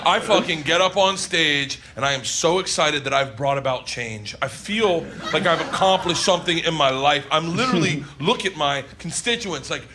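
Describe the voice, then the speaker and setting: Brief: male stand-up comic, high and animated, shouting punchlines, live recording with roaring audience laughter. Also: moderate pace, heavy background noise. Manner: loud, excitable, laughing through the telling, shouting punchlines. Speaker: stand-up comedian. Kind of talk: stand-up storytelling. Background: loud crowd laughter.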